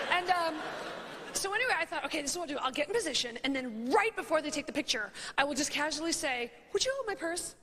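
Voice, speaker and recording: A woman in her thirties rambling through a funny anecdote in an animated, chatty way, full of "like" and "you know", laughing at her own story. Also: high-pitched, slight background noise. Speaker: comedian and talk show host. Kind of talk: comedic storytelling monologue.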